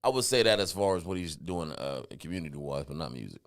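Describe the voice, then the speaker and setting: A man co-hosting a podcast with a very deep voice that still swings up and down a lot. He talks in blunt, laid-back banter. The voice sits close on the mic. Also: big pitch swings, fast talker. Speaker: podcast co-host. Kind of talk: casual chat.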